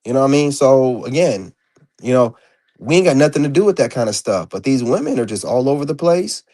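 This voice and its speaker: A man's voice: medium pitch, lively intonation, a little fast, warm tone. A man ranting in a casual vlog monologue, blunt and profane, rambling with lots of fillers. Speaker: vlogger. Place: indoors.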